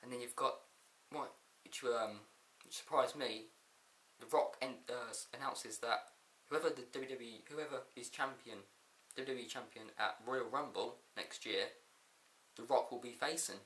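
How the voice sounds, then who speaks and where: A man's voice: medium pitch, normal speed, a bit bright, echoey room. Giggly man rambling a wrestling recap. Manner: giggly, laughs often, rambling recap with quoted lines. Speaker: wrestling show reviewer. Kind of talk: casual video review.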